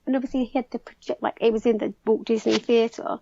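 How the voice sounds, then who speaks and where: A young English woman chatting excitedly as a podcast guest, peppering her story with "like". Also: a little high, quick pace, vocal fry, dry recording, dull audio. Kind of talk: casual chat.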